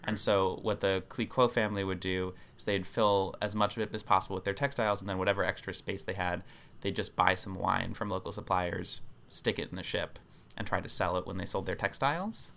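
Male podcast co-host, low gravelly voice with a crisp edge, casual storyteller, leans on filler ums. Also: steady tone, a little fast, fairly bright tone. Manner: explanatory, many filler ums.

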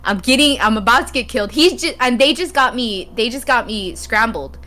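A woman co-hosting a gaming talk stream, telling stories in an animated casual way and laughing often. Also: a little high, a little fast. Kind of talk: casual chat, storytelling.

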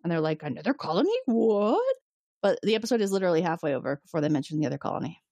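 A woman's voice: low-pitched, expressive, very fast, warm tone, no echo. A woman co-hosting a podcast, recapping an episode in casual chat, laughing often and swearing freely.

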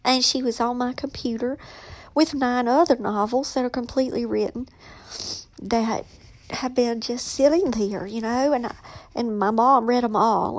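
Emotional woman author, whispering at times. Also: a little high. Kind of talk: casual personal vlog.

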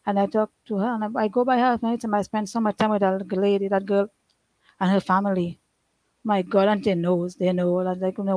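A woman's voice: medium pitch, level tone, brisk, darkish tone, no echo, low-quality recording. Earnest woman recounting a hard past. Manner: earnest, rambling, with frequent restarts and nonstandard grammar. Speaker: guest sharing her life story. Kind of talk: emotional personal testimony.

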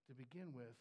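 A man preaching a sermon with passion, halting and repeating words, dropping to whispers and rising to shouts. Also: mid-range voice. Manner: impassioned, swings from hushed whispers to shouts. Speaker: pastor. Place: church with a screen for the congregation.

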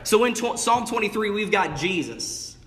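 A man's voice: high-pitched, animated, moderate pace, creaky, fairly bright tone. A man preaching an evening sermon in a church, with an emphatic cadence that stretches out key words. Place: church sanctuary. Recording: long reverb of a hall. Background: congregation calling out replies.

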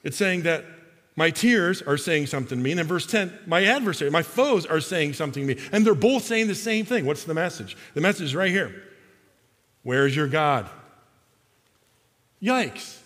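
A man preaching a sermon as pastor, swinging between loud emphatic lines and soft, slow, hushed passages. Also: fairly high pitch, lively intonation, in a large hall.

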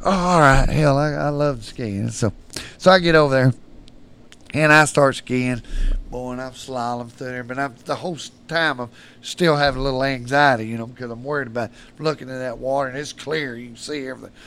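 A middle-aged man, telling profane, animated stories on a casual podcast and getting loud when quoting people. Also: mid-range voice, fairly quick, clean tone. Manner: profane, animated, swings loud for quoted lines. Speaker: storyteller guest.

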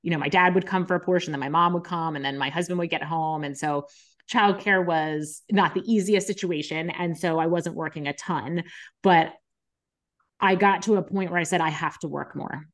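A woman's voice: on the low side, steady tone, normal speed. A woman, a nurse and podcast co-host, telling her own story in an open, reflective way. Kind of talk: candid conversation.

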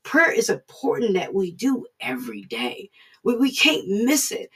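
Woman preacher, online devotional, earnest and conversational, higher voice, off-mic. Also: huge pitch swings, a little slow, a bit bright, slightly rough, distant mic, poor audio. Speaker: devotional speaker. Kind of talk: informal online sermon.

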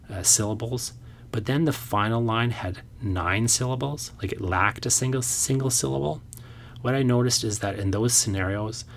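A man's voice: sits low, a little hiss or hum. A man hosting a podcast, talking through a point about poetry in a thoughtful, rambling way with many fillers. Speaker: podcast host and poet. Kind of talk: casual instructional podcast talk.

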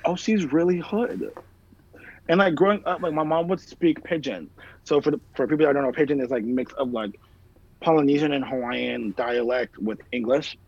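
A man's voice: medium pitch, fairly quick. A man in casual chat, telling stories in a rambling way, heavy on fillers and swearing. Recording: dull lo-fi sound, dry room.

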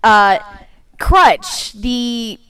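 A woman's voice: on the high side, expressive, extremely slow, a bit bright, clean tone, rough recording. A woman co-hosting a casual movie podcast, laughing often and filling her talk with "like". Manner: laughing often, many fillers. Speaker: podcast co-host. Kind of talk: casual movie review chat.

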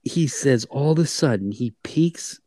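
A man's voice: medium pitch, lively intonation, a little slow, mellow. A man co-hosting a podcast in casual chat, telling a story with many restarts and asides. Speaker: podcast co-host.

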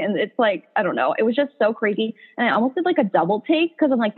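A young woman chats in a casual podcast conversation, piling on "like" as her story rolls along. Her voice comes through narrow and tinny, like a phone line. Her pitch sits in a middle range. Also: expressive, fast, few pauses, breathy edge. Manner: chatty storyteller, heavy "like" filler. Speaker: podcast host. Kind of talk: casual chat.

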